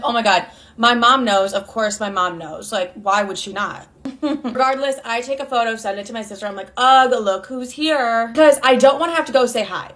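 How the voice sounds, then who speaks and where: A woman's voice: fairly high pitch, fairly bright tone. A young woman telling a storytime while doing her makeup, chatty and exasperated, full of "I'm like" asides. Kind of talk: casual storytime monologue.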